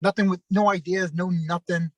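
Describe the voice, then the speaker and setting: A former wrestler as an interview guest, telling long rambling anecdotes with lots of fillers and acted-out quotes. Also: male voice, high-pitched, fairly even intonation, moderate pace, a bit bright, no room sound, rough recording. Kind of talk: casual storytelling.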